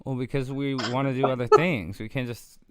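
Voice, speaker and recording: A man's voice: mid-range voice, steady tone, brisk, crowd noise. A man hosting a casual livestream talk show, teasing his guests and laughing often. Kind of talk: casual chat.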